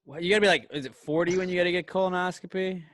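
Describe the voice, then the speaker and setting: A man's voice: sits high, steady tone, racing, a bit bright, no echo, studio quality. A man co-hosting a podcast in casual chat, reacting with laid-back jokes and leading into the next segment. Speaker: podcast co-host.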